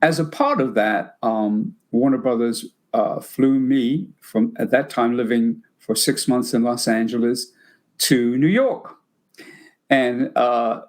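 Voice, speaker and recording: A man's voice: medium pitch, slow pace, a little mellow. Rambling older British-born man. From Britain. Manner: rambling, many fillers and restarts. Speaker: podcast host. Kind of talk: casual anecdotal chat.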